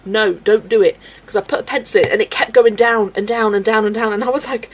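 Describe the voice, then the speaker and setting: A woman's voice: mid-range voice, a little fast, low-quality recording. A woman hosting a colouring live stream, chatting casually with viewers and giggling often. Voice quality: gravelly creak in the voice. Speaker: colouring livestream host.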